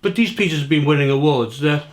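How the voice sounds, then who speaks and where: Talking at a quick pace in a slightly high voice, this British food reviewer in his thirties speaks casually to camera, eating as he talks and going over the same points more than once.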